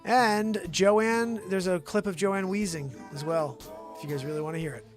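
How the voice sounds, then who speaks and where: A man with a fairly high voice hosts a casual livestream, greeting viewers by name with animated energy. Music plays clearly behind him as he talks into his desk mic. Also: moderate pace. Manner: animated, loud shout-outs to viewers. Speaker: host.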